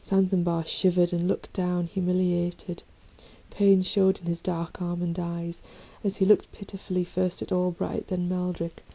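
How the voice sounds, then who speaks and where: Woman, storybook narration, low mellow voice, even delivery, dramatic reading. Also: measured pace, vocal fry, low-quality recording. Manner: dramatic reading, raising voice for shouted lines. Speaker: audiobook reader.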